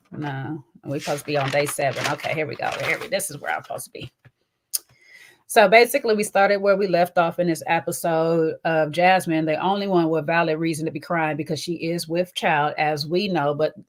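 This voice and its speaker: A woman hosting a chatty, sassy reality TV recap, with a slight twang and a habit of tagging her lines with little asides. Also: deep voice. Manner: chatty and sassy, often tags lines with "okay?" and "child". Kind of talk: casual commentary.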